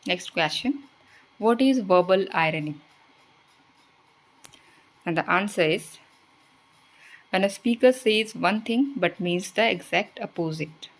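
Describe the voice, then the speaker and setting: A woman's voice: medium pitch, takes it slowly, long pauses, rough recording. Woman reading exam quiz answers. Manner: reads out questions then explains answers, switching into Hindi asides. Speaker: exam prep teacher.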